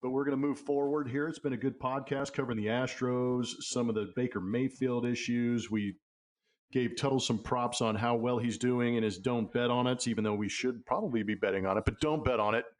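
A man's voice: mid-range voice, fairly even intonation, fairly quick. A man hosting a sports podcast, talking in a casual, jokey, easygoing way. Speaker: podcast host.

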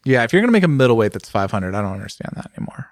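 A man co-hosting a podcast in relaxed, joking casual chat. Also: medium pitch, racing, dry recording, studio quality. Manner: relaxed, musing, jokey. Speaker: podcast co-host.

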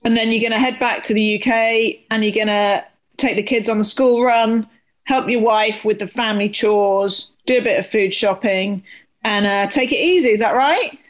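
A woman's voice: medium pitch, moderate pace, low-quality recording. A woman hosting a casual interview, asking teasing questions in a chatty way with many restarts. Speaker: host.

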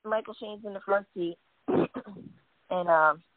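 A woman telling stories in a casual chat, quoting people as she goes and often clearing her throat. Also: mid-range voice, takes it slowly, dry recording. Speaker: guest wrestling fan. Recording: tinny phone line, dry.

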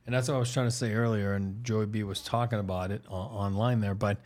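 A man's voice: on the low side, fairly even intonation, fast talker, darkish tone. A man on a sports podcast telling long, rambling stories full of "you know" and restarts. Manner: rambling, filler-heavy storytelling. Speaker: podcast panelist. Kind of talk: casual sports chat.

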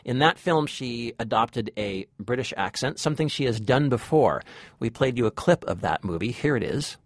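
A man's voice: mid-range voice, animated, normal speed, no room sound. A man co-hosting a movie podcast, rambling and joking at his own expense. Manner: self-deprecating, rambling, laughs often. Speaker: podcast co-host. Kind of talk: casual movie review chat.

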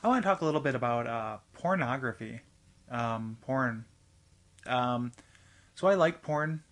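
A young adult man hosts his podcast alone in a home studio. His voice sits in an ordinary middle pitch. He talks in a loose, halting way, with lots of fillers and restarts. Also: expressive, fairly bright tone. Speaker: podcast host. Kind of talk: casual solo podcast monologue.

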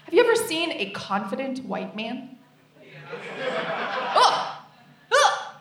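A woman from the United States performing stand-up comedy on a live stage, with deadpan, repeated punchlines. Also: high voice, moderate pace. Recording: echoey live venue, distant mic, noise.

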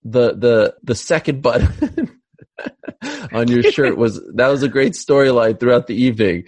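A man hosting a casual talk show who teases his co-host with quick questions. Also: medium pitch, sing-song, darkish tone, slightly rough. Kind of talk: casual chat.

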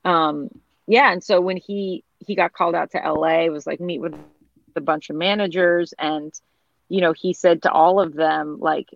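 Guest spot: woman with a gravelly voice, chatty and rambling, on a slightly dull lo-fi line. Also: lowish voice, steady tone, normal speed, no echo. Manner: rambling, full of fillers and restarts. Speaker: interview guest, TV director and writer. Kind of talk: casual conversational storytelling.

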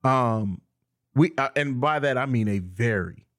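A man co-hosting a casual sports podcast, speaking in a measured, laid-back way. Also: mid-range voice, expressive, a bit bright.

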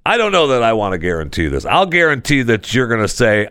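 A man's voice: mid-range voice, big pitch swings, moderate pace, hardly any pauses, bright, forceful tone, no room sound, clean studio sound. A man hosting a podcast in casual talk, jokey and rambling, reading an ad in his own loose way and teasing himself. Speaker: podcast host.

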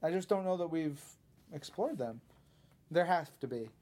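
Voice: mid-range voice, animated, normal speed, mellow. A podcast host in casual chat, reading listener tweets aloud and riffing on them, laughing easily. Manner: chatty, laughs easily, riffs on questions.

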